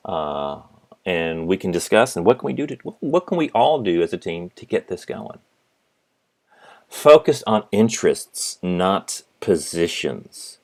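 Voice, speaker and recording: A middle-aged man giving a business lecture as a professor, telling stories in an animated way and acting out the people in them. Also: sits low. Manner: animated storytelling, acts out his father. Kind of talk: recorded lecture.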